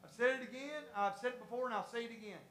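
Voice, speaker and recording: A Pentecostal preacher giving an impassioned sermon, repeating phrases, rising to shouts, and acting out voices from the congregation. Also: medium pitch, very fast, roomy sound, slight background noise. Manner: repetitive, acts out congregation voices. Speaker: pastor.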